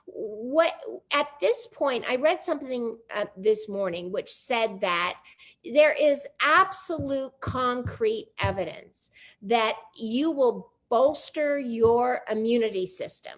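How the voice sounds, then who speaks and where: An older woman hosts a relaxed interview in a slightly high voice. She is playful and lively and slows down to stretch out the words she wants to land. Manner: playful and animated, drawing out key words slowly. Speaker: host. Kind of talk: conversational interview.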